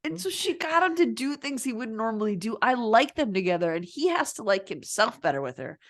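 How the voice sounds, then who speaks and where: Woman, podcast co-host, casual chat, animated, laughing, high-ish voice, very expressive pitch. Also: fairly quick. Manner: animated, laughs often, exclaims.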